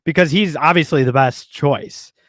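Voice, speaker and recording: A man's voice: fairly high pitch, normal speed, a bit bright, no echo, studio quality. A man co-hosting a casual podcast, ranting in a heated, exasperated way. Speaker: podcast co-host.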